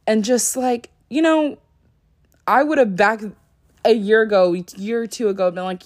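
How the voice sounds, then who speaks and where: A woman's voice: medium pitch, moderate pace, a little mellow. A young woman vlogging to her viewers in a casual, rambling way, full of fillers, sleepy and yawning. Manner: chatty, rambling, lots of "like" fillers. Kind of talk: casual talk to camera.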